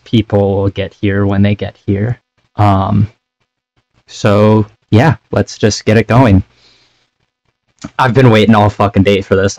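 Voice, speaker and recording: Gravelly low-voiced young man rambling. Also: darkish tone, dry recording. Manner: rambling, chatty, apologetic. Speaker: streamer. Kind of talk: casual chat. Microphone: cheap desk microphone.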